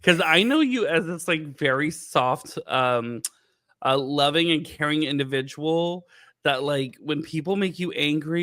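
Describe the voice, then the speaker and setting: A man's voice: fairly high pitch, unhurried, a bit bright, no echo, studio quality. A man hosting a podcast, asking questions in a loose, rambling way full of fillers and easy laughter. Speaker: podcast host. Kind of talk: casual interview chat.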